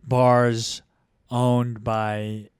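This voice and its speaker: A man's voice: medium pitch, level tone, extremely slow, clear, resonant tone, no echo, studio quality. A man co-hosting a casual comedy podcast, joking around, laughing a lot and trailing off into mumbles. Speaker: podcast co-host.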